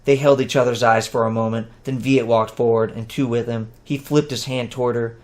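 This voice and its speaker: A man calmly narrating a fantasy audiobook. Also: mid-range voice, brisk.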